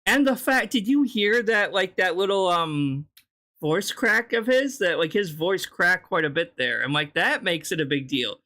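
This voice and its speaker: A man's voice: sits high, animated, a little slow, sharp tone. A man hosting a reaction stream, making sarcastic, mocking comments over clips he plays. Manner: mocking, sarcastic asides over a playing clip.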